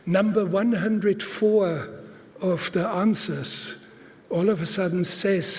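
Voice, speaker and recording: A man giving a public lecture at a conference, speaking deliberately and emphatically with many halting pauses. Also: high voice, soft background music. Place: large conference hall. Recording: reverberant hall.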